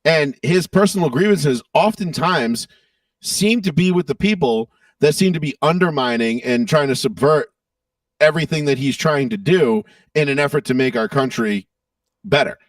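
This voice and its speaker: A man's voice: a little high, animated, moderate pace, no echo, far from the mic. A man co-hosting a casual political podcast, ranting with profanity and mockery. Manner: profane, mocking rant. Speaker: podcast co-host.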